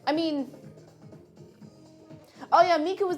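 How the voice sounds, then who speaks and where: Woman, high voice, bouncy delivery, playful chat, cooking livestream. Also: sing-song, moderate pace, faint music behind. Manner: playful and chatty, breaks into silly noises and sings along. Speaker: livestreamer and VTuber.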